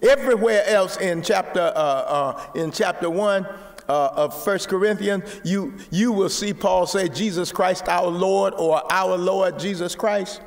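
A man preaching a sermon, repeating words and rising to shouts. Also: high-pitched, unhurried, big-room sound. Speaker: pastor.

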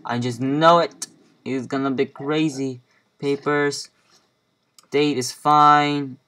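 A man's voice: medium pitch, fairly even intonation, slow pace, pushed and bright. A young man giving casual gameplay commentary, muttering to himself as he plays and sounding playfully bossy. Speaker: let's play gamer.

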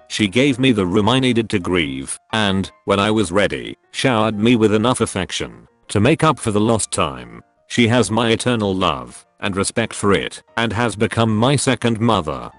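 A synthetic male narrator reads a story with a lowish pitch and a lively, swinging intonation. The delivery is steady and machine-like, with faint music underneath. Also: no echo. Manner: synthetic, evenly paced reading. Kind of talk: text-to-speech story reading.

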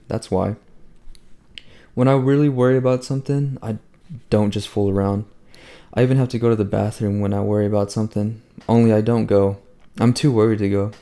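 A man's voice: fairly low pitch, steady tone, a little fast, dark tone. A man reading a novel aloud in first person, in a conversational, wry and profane storytelling manner. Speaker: audiobook reader.

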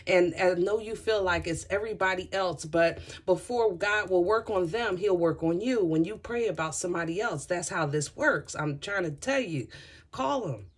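A woman's voice: on the low side, normal speed, slightly rough. A woman giving a casual tarot reading to her viewers, chatty and effusive, rambling through asides and talking straight to her listeners. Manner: addresses listeners directly and often. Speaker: tarot reader.

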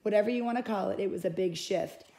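A woman's voice: mid-range voice, quick pace, dark tone. A woman reading a first-person novel aloud in an unpolished way, with small slips and self-corrections. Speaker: audiobook reader.

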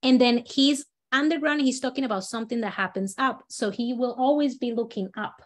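A woman with a fairly high voice leads a storytelling workshop in a casual, chatty way. She often restarts her sentences and stops to act out examples. Her tone stays relaxed and conversational, like teaching. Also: a little fast. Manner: chatty, many fillers and restarts, acts out examples.

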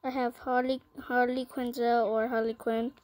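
A female gaming channel host in a casual vlog, listing items one by one with plenty of ums and pauses. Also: on the high side, level tone, a little mellow, poor audio.

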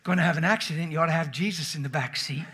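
A middle-aged man preaching a storytelling sermon, animated, swinging from shouts down to whispers. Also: on the high side, rapid-fire.

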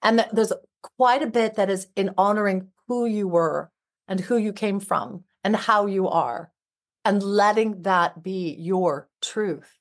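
A woman's voice: mid-range voice, a little slow. Heartfelt, emphatic woman author. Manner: heartfelt, emphatic, repetitive phrasing. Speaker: guest, relationship expert and author. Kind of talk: podcast interview.

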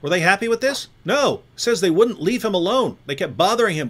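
A male host with a fairly high voice presses his case hard. He repeats key lines for emphasis and throws rhetorical questions at the listener. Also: lively intonation, brisk, few pauses, a bit bright. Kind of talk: polemical discussion with a co-host.

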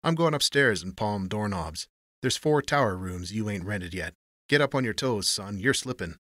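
A man doing a gruff hotel detective. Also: fairly low pitch, lively intonation, moderate pace, fairly bright tone, dry recording, studio quality. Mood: bitter. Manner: growling, curt, clipped. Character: hard-boiled male hotel detective, gruff and terse.

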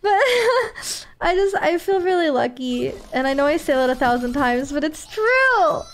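Very high-voiced gushing woman streamer. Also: big pitch swings, unhurried. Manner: gushing, emotional, thanking viewers. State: tearful. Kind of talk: casual live-stream chat while gaming.

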